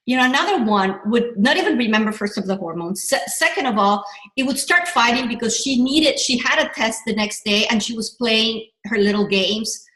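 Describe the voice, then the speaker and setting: A middle-aged woman coaching a workshop, talking in an animated, rambling way with many restarts and self-corrections. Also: fairly high pitch, normal speed, roomy sound, rough recording. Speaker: business coach. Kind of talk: motivational workshop talk.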